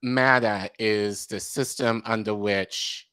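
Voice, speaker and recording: A man on a casual online panel, speaking slow and measured. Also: fairly low pitch, steady tone, sharp tone, clear, resonant tone, no echo.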